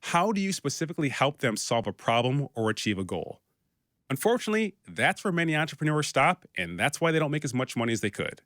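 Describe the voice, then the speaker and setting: A middle-aged man hosting a business podcast, talking straight and practically with a dry joke here and there. His voice sits at an ordinary pitch for a man, recorded close on a mic with a dry, dead sound. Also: a bit bright, no room sound. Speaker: podcast host and business consultant. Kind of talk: scripted podcast monologue.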